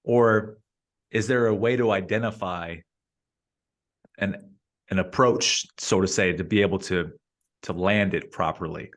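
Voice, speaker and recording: A man with a fairly low voice hosts a casual interview. He asks long questions that wander and restart, and he repeats words as he finds his way. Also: measured pace, long pauses. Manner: rambling questions with many restarts. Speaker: interview host.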